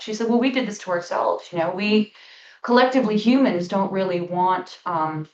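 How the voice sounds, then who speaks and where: A middle-aged woman talks casually about spiritual things, hitting her points hard and drawing key words out slowly. She sits back from the mic in a reverberant room, and the sound is a little muffled. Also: medium pitch, distant mic. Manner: storytelling, emphatic, with slow drawn-out stresses. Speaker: spiritual podcast host.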